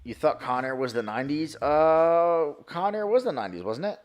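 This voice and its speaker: Profane, excitable male streamer. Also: a little high, moderate pace, lo-fi sound, faint music behind. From New York. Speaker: live streamer. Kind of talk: casual live-stream chat, answering chat.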